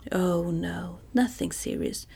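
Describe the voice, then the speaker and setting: A woman's voice: fairly low pitch, slow pace, vocal fry, dark tone, husky, exaggerated voice. A woman voicing a polite, formal old male palace servant in a whispered role-play.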